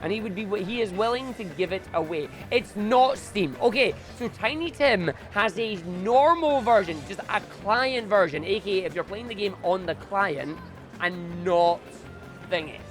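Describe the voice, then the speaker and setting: A young man chatting casually on a live stream, excitable and prone to loud bursts of enthusiasm. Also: high voice, normal speed, faint music behind.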